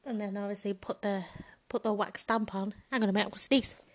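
A woman's voice: mid-range voice, steady tone, fast. A woman in a frank, bawdy comedic monologue, chatting casually and laughing often. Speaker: vlogger.

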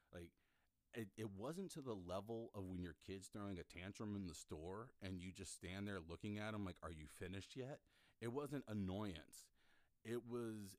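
A middle-aged man hosting a podcast, telling a personal story in an animated way, often restarting his sentences and acting out what people said. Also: fairly low pitch, no echo. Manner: animated, acts out quoted voices, frequent restarts. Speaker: podcast host.

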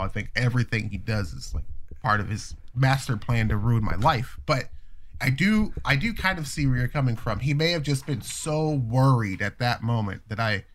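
A young man in a casual chat, telling a long story in a rambling, profane, animated way. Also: medium pitch. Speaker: storyteller guest.

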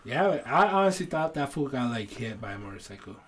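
A man co-hosting a podcast in casual chat among friends, slangy and swearing, halting and repeating himself. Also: mid-range voice, very animated. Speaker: podcast co-host.

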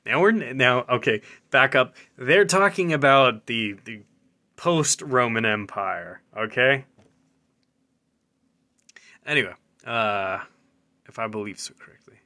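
Bright-voiced man hosting a chatty military show. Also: medium pitch, animated, unhurried, long pauses. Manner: chatty, stumbles and restarts, laughs while reading. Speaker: military news show host. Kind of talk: casual commentary reading news aloud.

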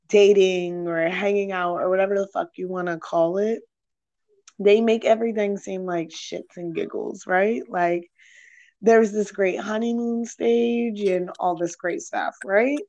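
A woman's voice: mid-range voice, measured pace, mellow, dull audio. Frank, profane young woman hosting a podcast. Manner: frank and profane, rambling with many fillers. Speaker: podcast host. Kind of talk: candid podcast chat.

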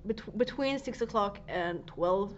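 A woman's voice: medium pitch, animated, measured pace. Young woman rambling in a casual chat, giggly, keeps restarting, muffled audio w faint hiss. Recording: dull lo-fi sound with faint background noise.

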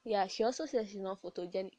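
A woman's voice: mid-range voice, brisk, warm tone, dry recording. Chatty young woman podcast host, dry sound. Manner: chatty, advising, with frequent laughs and restarts. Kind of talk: casual podcast chat.

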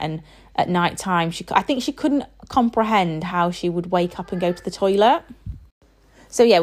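A woman's voice: fairly low pitch, darkish tone. A woman in her thirties, a parent chatting casually and rambling with lots of fillers. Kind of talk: casual chat.

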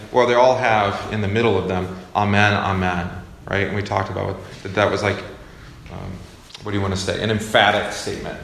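Casual Bible study leader, a man with a low, gravelly voice, echoey room. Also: a bit bright. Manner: conversational, self-correcting, asks the class questions. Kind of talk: informal classroom teaching. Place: classroom or church meeting room. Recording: echoey room with faint noise.

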